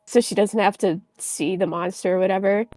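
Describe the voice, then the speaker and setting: A woman's voice: mid-range voice, steady tone, fairly quick, warm tone, dry recording, soft background music. A woman playing a tabletop game, chattily describing what her character does. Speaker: player.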